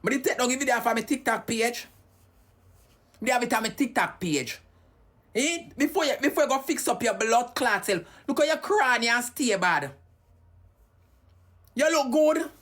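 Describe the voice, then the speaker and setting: A woman's voice: a little high, a bit bright. A Jamaican woman ranting heatedly and cursing on a live stream.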